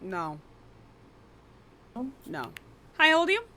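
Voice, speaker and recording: A woman hosting a live online debate stream, blunt and profane, quick to cut people off. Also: mid-range voice, wildly swooping pitch, pushed and bright.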